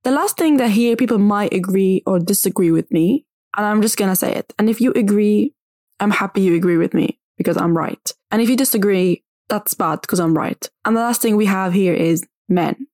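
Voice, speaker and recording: A young woman ranting to her viewers in a blunt, animated way, with "like" in almost every phrase. Her voice sits in a middle pitch and is recorded close and dry, with no room sound. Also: moderate pace, no room sound. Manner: blunt, animated, says "like" constantly. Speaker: vlogger. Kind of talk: casual rant to camera.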